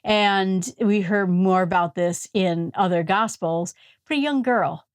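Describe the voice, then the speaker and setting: A woman's voice: medium pitch, slow, no echo, studio quality. A woman with an Upper Peninsula Michigan accent casually teaching a Bible passage, retelling scenes with chatty asides. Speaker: Bible study host.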